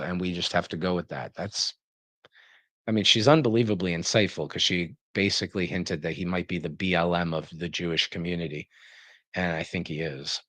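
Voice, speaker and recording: A man's voice: deep voice, fairly quick, a bit bright, no echo. A man giving reaction commentary, sarcastic and indignant as he rants.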